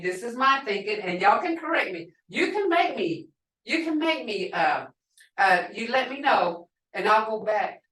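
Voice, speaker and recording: A woman teaching a language class over a video call, halting and explaining with examples. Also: a little high, fairly bright tone, far from the mic. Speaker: language instructor. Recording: echoey room, away from mic.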